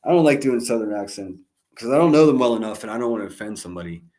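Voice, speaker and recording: A man's voice: medium pitch, animated, rapid-fire, dark tone. A man commenting live on a clip for his stream, talking with his chat in a heated, sarcastic, profane way.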